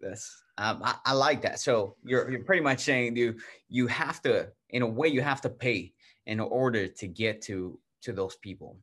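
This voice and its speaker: A man's voice: medium pitch, moderate pace, a bit bright, husky. Man giving brief, affirming replies. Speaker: interview host. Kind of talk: interview.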